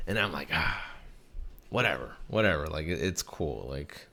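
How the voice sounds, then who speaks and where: A man's voice: rumbling low, normal speed, vocal fry. A young man hosting a podcast, telling a casual, profanity-heavy story and acting out the people in it. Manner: animated, swears a lot, acts out quoted people. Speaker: podcast host.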